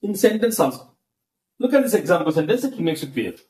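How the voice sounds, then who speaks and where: A man with a Telugu accent, a native Telugu speaker teaching English word stress, slowly repeating each word for drilling and dropping "okay" between points. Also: high-pitched, sing-song, a little mellow. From India. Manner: slow, deliberate, repeats words for drilling. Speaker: English lecturer. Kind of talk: classroom lesson on word stress.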